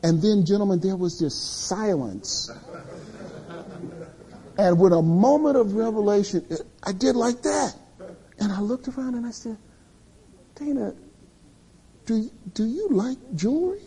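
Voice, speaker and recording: A middle-aged man preaching to a room of men, with a fairly high voice that has a soft husky edge. His tone is mellow, and he tells stories about himself in a lively, confessional way. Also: a little slow, pauses often. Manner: animated, confessional storytelling. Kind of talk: sermon to men.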